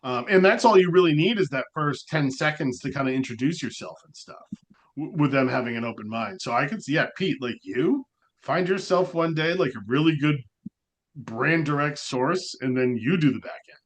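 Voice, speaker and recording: A man's voice: on the high side, normal speed. A man co-hosting a podcast, talking in a loose, rambling way with lots of fillers. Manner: rambling, animated, frequent "like" fillers. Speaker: podcast co-host. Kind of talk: casual podcast chat.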